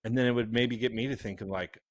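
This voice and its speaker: A man's voice: medium pitch, steady tone. A man talking as a guest on a podcast, thinking aloud and restarting his sentences as he goes. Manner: reflective, halting, with repeated restarts. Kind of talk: casual conversational podcast talk.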